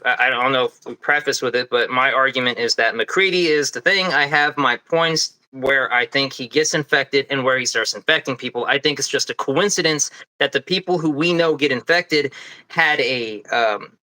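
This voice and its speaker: A man with a very bright, forceful voice in a casual podcast discussion. He talks in quick, animated bursts and often restarts his sentences. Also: medium pitch, poor audio. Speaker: podcast co-host.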